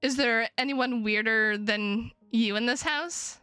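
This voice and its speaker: A woman's voice: on the high side, slow pace, bright, forceful tone, smooth, dry recording, clean studio sound, soft background music. A woman streamer chatting playfully and swearing freely while reading a visual novel's text aloud. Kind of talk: casual live-stream chat, reading game text aloud.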